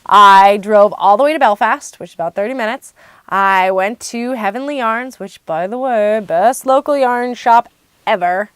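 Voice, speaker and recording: A woman hosting a craft podcast in casual chat, bubbly and excitable. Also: mid-range voice, moderate pace, clear, resonant tone, no echo. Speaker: podcast host.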